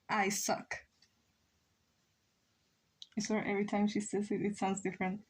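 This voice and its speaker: Husky and medium-pitched, this young native Spanish-speaking livestreamer talks in an even, unhurried way with frequent pauses. Between laughs and ums, she reads chat messages aloud and jokes at her own expense during her drawing stream.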